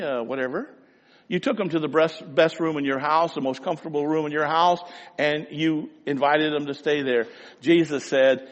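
An older man preaching in a reverberant church hall, his fairly high voice carrying a long echo. He tells stories in a sermon style, swinging from loud, emphatic passages to quiet, hushed asides. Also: moderate pace. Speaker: pastor.

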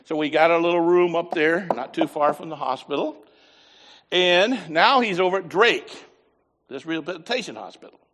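A man preaching a sermon, telling a folksy story with lively voiced asides. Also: fairly high pitch, normal speed, long reverb tail. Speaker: pastor.

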